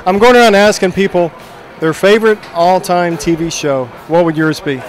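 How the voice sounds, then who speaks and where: A man's voice: high-pitched, normal speed. A man roaming a ship asking people questions, jokey and playful, teasing the crew. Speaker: shipboard interviewer. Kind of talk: roving vox-pop interviews.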